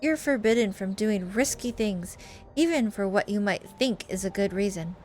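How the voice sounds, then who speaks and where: A woman's voice: medium pitch, moderate pace, darkish tone, soft background music, lightly acted. A woman voicing a stern, threatening young woman in a game, speaking curtly and coldly. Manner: curt, cold and menacing.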